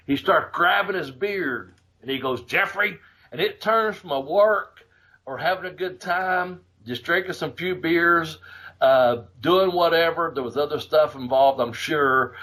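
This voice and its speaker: Man, podcast host, casual storytelling, profane, animated, somewhat high-pitched. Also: moderate pace.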